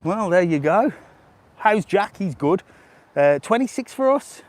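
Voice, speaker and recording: Very animated and unhurried, a middle-aged man with a high voice vlogs live on a walk through resort grounds. Filming with a handheld gimbal camera, this travel vlogger keeps up jokey chatter and chuckles often.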